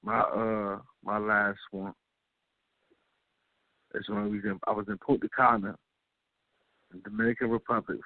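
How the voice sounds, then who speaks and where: A man hosting a radio talk show, telling a story in a relaxed, slangy way and often checking in with the listener. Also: on the low side, a little slow, long pauses, no echo. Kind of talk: casual storytelling. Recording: dry, phone-like radio audio.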